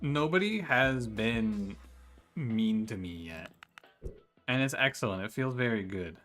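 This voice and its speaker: A man's voice: on the low side, lively intonation, a little slow, fairly bright tone. A man casually chatting with his stream chat while playing a strategy game, swearing freely and laughing as he talks. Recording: faint music behind the voice.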